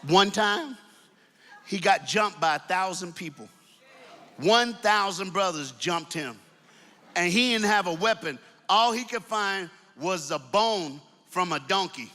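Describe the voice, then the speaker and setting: A man's voice: high-pitched, lively intonation, unhurried, sharp tone. A man preaching energetically to a crowd, telling a story with call-and-response. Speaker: youth speaker. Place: large hall before an audience. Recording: long hall reverb.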